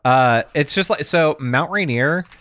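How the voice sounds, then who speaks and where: Dry, higher-voiced man in rambling podcast chat. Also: animated, unhurried, fairly bright tone, no echo. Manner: rambling, laughs often. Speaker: podcast co-host. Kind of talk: casual chat.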